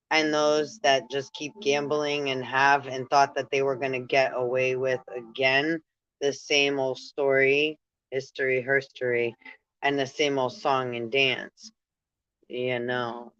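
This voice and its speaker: A man's voice: medium pitch, a bit bright, smooth, dry recording, dull audio. A man hosting a spiritual talk, meandering with restarts and frequent "right?" asides, breaking into laughter while relaying messages. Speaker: spiritual channel host. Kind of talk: rambling spiritual monologue.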